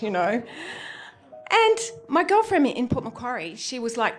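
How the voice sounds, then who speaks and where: A woman with an Australian accent telling a self-mocking comic story on stage at a live event. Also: moderate pace. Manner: animated, self-mocking, with big swoops into high exclamations.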